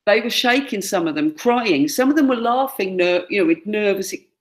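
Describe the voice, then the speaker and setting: A woman's voice: mid-range voice, lively intonation, moderate pace. A woman gives a classroom lecture, pointing out pictures and acting out quoted lines. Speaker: teacher.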